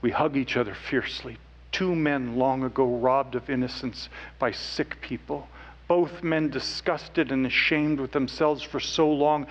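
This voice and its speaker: A man speaking on stage, telling a personal story earnestly, dropping to hushed tones at times. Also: medium pitch, steady tone, a little slow, highs cut off. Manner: earnest, with quiet hushed stretches. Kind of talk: emotional storytelling talk.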